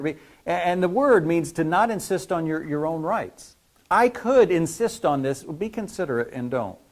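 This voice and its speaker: Guy giving a chatty church sermon, kinda high voice, lots of back-and-forth questions. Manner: conversational, lively preaching with questions to the congregation. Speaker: pastor.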